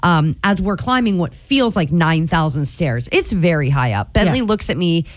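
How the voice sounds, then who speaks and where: A woman's voice: fairly low pitch, lively intonation, moderate pace, dry recording, studio quality. A woman in her forties, a radio morning show host telling a story in a playful way and laughing often. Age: 40s. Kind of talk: casual storytelling chat.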